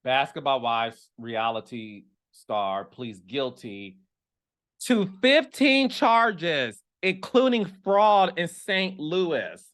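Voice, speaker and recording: A sassy man dishing reality TV gossip to his viewers, his voice swooping all over from low asides up to high exclamations. He takes his time with the words, unhurried even when he gets dramatic. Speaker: host of a reality TV gossip show. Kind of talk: animated casual commentary.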